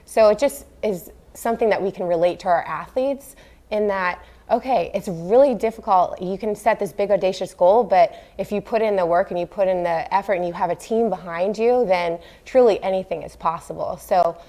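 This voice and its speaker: A woman's voice: medium pitch, moderate pace. Earnest woman in an interview. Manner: earnest and animated, with frequent fillers. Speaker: guest, former professional triathlete. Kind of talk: casual interview talk.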